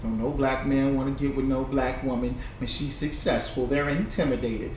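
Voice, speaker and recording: A man giving animated, preachy and profane reaction commentary on played clips, laughing often. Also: medium pitch, normal speed. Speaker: online commentator. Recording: echoey room, far from the mic, faint noise.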